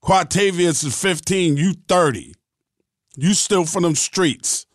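A man's voice: sits high, slow, no room sound, clean studio sound. Blunt, profane middle-aged man ranting. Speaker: podcast host. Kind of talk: podcast monologue.

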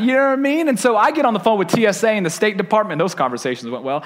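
Casting: male preacher, 30s, higher voice, chatty and self-mocking storyteller. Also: quick pace, few pauses. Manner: animated, self-deprecating, conversational. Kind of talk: sermon with personal storytelling.

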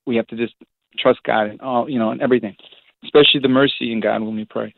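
A man, a priest, telling stories in a rambling, animated way with many restarts, heard over a phone line. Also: medium pitch, quick pace, gravelly, dry recording. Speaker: priest, guest. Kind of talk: casual storytelling on a phone-in show. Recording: tinny phone line, dry.

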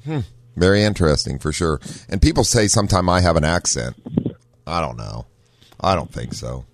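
A man's voice: low-pitched, expressive, normal speed, no room sound. A man hosting a car-talk radio show, chatting folksily with lots of fillers. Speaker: radio show host, auto shop owner. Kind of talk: casual radio talk with a caller.

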